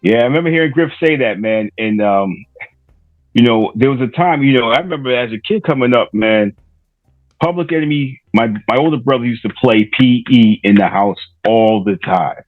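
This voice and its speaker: A middle-aged Rhode Island man, a podcaster appearing as a guest, tells stories loosely in a casual interview, with many fillers and restarts. His mid-range voice at normal speed sounds dry and phone-quality, with soft music in the background.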